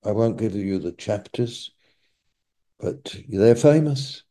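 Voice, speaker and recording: A man delivers a sermon at a very slow, deliberate pace, leaning on repeated phrases for emphasis. His voice has a mellow, dark tone. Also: lowish voice, lively intonation. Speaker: preacher.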